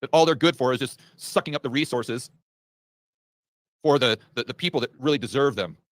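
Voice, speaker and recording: A man's voice: medium pitch, brisk, no room sound, pitched below the performer's own voice, natural voice. A man voicing a smug, scheming elite villain who gloats and sneers at ordinary people. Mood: sneering.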